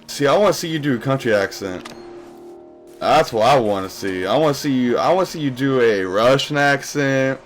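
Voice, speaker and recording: A man's voice: mid-range voice, lively intonation, moderate pace, faint music behind. A young man streaming a game live, rambling casually and answering questions from his chat as he plays.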